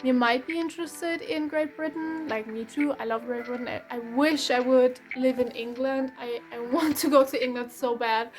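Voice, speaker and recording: A woman's voice: high-pitched, fairly even intonation, normal speed, hardly any pauses, soft background music. A young woman from Germany with a German accent, giving a casual, rambling tarot reading with frequent restarts and light laughs. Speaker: tarot reader.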